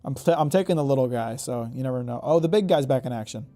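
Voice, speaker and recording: A man's voice: medium pitch, fast, mellow. A man streaming a game, rambling, joking and swearing as he thinks aloud. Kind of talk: casual live-stream gaming commentary.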